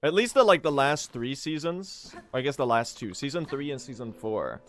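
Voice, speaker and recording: A man's voice: medium pitch, lively intonation, normal speed, a bit bright, soft background music. A young man streaming a game speedrun, chatting casually in a rambling, self-deprecating way and laughing often.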